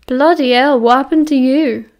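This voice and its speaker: A woman's voice: sits high, moderate pace, darkish tone. A woman voicing a smirking, cocky older teenage boy.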